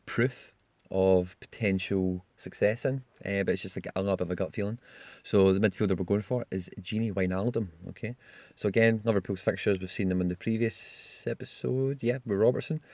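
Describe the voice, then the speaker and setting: A man's voice: on the low side, a little mellow, no echo. A man hosting a casual fantasy football walkthrough, chatty and tagging his points with "you know" and "okay?". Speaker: channel host.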